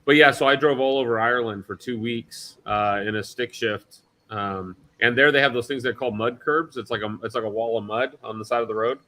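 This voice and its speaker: A man on a maker livestream, chatting loosely and swearing freely. His voice has a bright, forceful edge, and he sits at a mid pitch for a man. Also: brisk. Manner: animated storyteller, swears freely. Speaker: livestream co-host. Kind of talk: casual chat.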